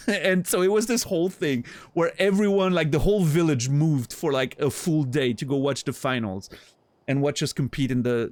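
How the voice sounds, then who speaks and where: A man's voice: medium pitch, dry recording. Rambling man chatting on stream. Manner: rambling, many restarts and fillers, laughs easily. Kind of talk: casual chat with viewers.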